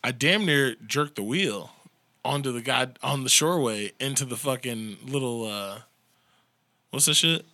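A man hosting a podcast, trading crude comedic banter with friends and breaking into loud laughs and mock impressions. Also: mid-range voice, a little slow. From Northeast Ohio.

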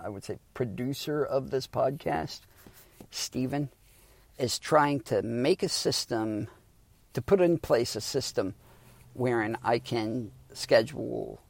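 Gravelly man ranting on a podcast. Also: medium pitch. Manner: sardonic, rambling, swears freely. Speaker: podcast host. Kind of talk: casual solo podcast rant. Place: back seat of a parked car. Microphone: phone.

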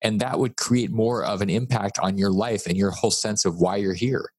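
Low husky-voiced man, dry close sound. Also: normal speed, a little mellow, no room sound. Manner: emphatic, repeats key words, blunt jokes. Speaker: guest author. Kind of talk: podcast interview conversation.

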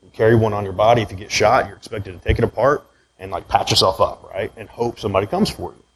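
A man's voice: on the low side, fast, fairly bright tone, poor audio. Candid man telling his story to a room. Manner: candid, conversational, keeps asking "right?". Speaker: speaker giving a talk. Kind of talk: personal story talk to a live audience. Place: room with an audience.

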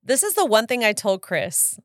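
A woman in her thirties co-hosts a casual podcast, chatty and telling stories while quoting herself and laughing often. Her high, sing-song voice moves at a moderate pace in clean, studio-quality sound with no room echo.

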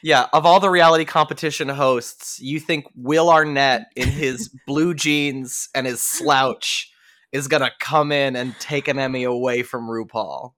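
Podcast co-host, casual chat, dry teasing, wry, mid pitch. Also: fairly even intonation, a little slow, a bit bright. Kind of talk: casual pop culture chat.

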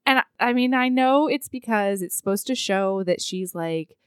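A woman co-hosting a podcast, casually recapping a book in a playful, animated way. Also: medium pitch, normal speed, clean tone, no room sound, studio quality. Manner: animated, laughs often, playful. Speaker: podcast co-host.

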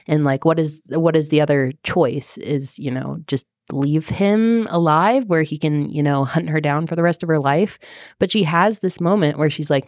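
A woman with a low voice chats casually as a podcast co-host, with lots of fillers. Her voice sounds dry and close, with no room echo. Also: normal speed, a little mellow. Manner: chatty, many fillers, retells scenes with laughs. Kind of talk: casual book club chat.

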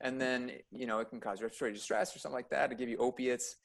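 A man who works as an emergency room nurse, chatting casually on a podcast and telling stories in an animated way, full of fillers, his voice climbing high and loud when he gets worked up. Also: rapid-fire, gravelly.

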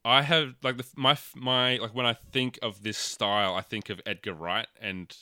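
A man co-hosting a casual podcast chat, relaxed and steering the conversation. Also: mid-range voice, moderate pace, dry recording, studio quality. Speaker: podcast co-host.

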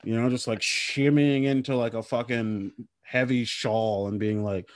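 A man's voice: on the low side, fairly even intonation, normal speed, dry recording. A man hosting a podcast in casual comedic chat, rambling and jokey with casual swearing. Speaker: podcast host.

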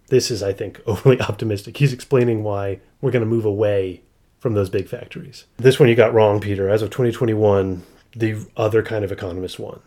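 A man's voice: fairly low pitch, fairly even intonation, a little fast, dark tone. A man hosting a podcast, reading passages aloud and commenting with sarcastic, jokey asides. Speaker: podcast host. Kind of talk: podcast monologue with read-aloud quotations.

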